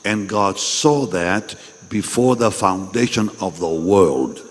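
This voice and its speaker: Male preacher: deliberate, lively delivery, husky edge, with long hall reverb. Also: low-pitched. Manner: emphatic, repeats phrases, questions the audience directly. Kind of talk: sermon at a pastors' meeting.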